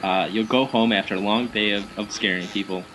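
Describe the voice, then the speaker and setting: A man chatting casually as a guest, telling lively anecdotes with frequent fillers and laughs. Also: on the low side, fairly quick, background noise. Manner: animated anecdotes with acted quotes, frequent fillers. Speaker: guest, haunted house actor. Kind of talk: casual chat, storytelling.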